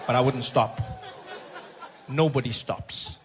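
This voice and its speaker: A man telling stand-up comedy stories, animated and laughing as he acts out scenes. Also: sits high, fairly quick, slight background noise. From South Africa.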